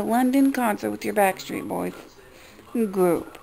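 A woman's voice: a little high, measured pace, vocal fry, poor audio. A woman vlogger talking in an upset, profane rant, shocked and ranting. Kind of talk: emotional vlog rant.

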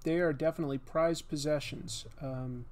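A man from Massachusetts who hosts an art livestream and chats casually, in a relaxed, rambling way with many fillers, while he draws. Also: fairly high pitch, moderate pace. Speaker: livestream host and artist. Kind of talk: casual chat while drawing.

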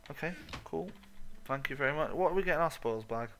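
A man's voice: fairly high pitch, animated, fairly quick, a bit bright, slight background noise. A man giving a goofy, sweary running commentary while playing a video game. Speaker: gaming channel host. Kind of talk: casual let's-play commentary.

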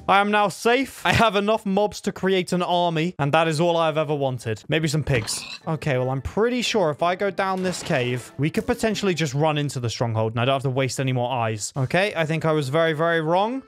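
A young man commentating a Minecraft challenge, excitable, talking to the game's creatures and yelping when things go wrong. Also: on the high side. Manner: excitable, talks to mobs, yelps in panic. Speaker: gaming YouTuber.

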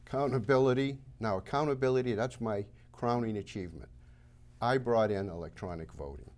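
A man's voice: medium pitch, a little fast, a little mellow. A man with a Boston accent, a town moderator candidate on a local talk show, laying out his points emphatically and with confidence. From Massachusetts. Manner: emphatic, list-making, self-assured.

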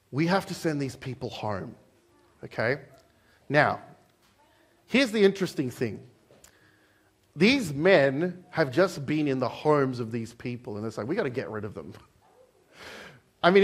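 A young Australian man with an Australian accent giving a conversational church sermon, joking and acting out the people in the story. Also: high-pitched. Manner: conversational, joking, acts out quoted voices. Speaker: pastor. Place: church hall.

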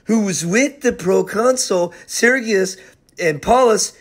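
A man preaching a casual verse-by-verse sermon, animated and jokey, often dropping into quick character voices. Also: high voice, slightly rough. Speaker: pastor and bible teacher.

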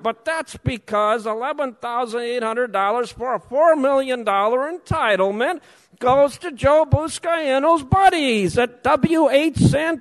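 A man giving a sarcastic, accusatory public comment at a council meeting, speaking slowly and deliberately. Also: very high-pitched, in a large hall, low-quality recording. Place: council chamber.

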